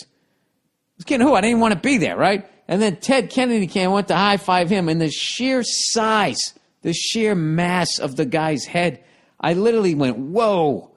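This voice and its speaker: A middle-aged man with a Boston accent hosting a podcast, telling a comic story in a profane, animated way that swings between loud bursts and low mutters. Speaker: podcast host.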